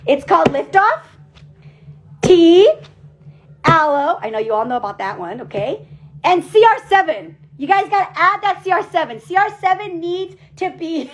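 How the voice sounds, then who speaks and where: Very high-voiced energetic woman coach. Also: normal speed, muffled recording. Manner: energetic and emphatic, repeats phrases. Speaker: team leader. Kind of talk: motivational pep talk on a group call. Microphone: call audio.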